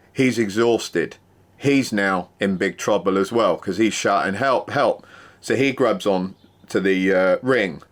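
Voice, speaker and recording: A man, a former security worker, casually telling a true story and acting out the exchanges in it. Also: lowish voice. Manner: animated retelling, acting out quoted exchanges.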